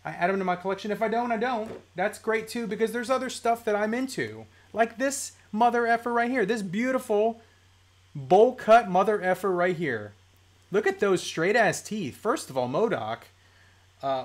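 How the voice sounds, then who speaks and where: A live-stream host talking casually about toy collecting at a home desk mic, chatty, mildly profane and quick to laugh. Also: medium pitch, lively intonation. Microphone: desk microphone.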